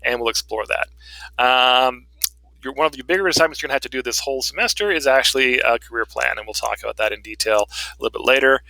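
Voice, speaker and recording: Male instructor recording an online lecture; bright, pushing tone, relaxed teacherly banter, dry close sound. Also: medium pitch, quick pace, creaky, no echo, poor audio. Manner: conversational, frequent "okay" and "um" check-ins; chuckles and jokes lightly with students. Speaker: college writing instructor. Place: in Raleigh, North Carolina.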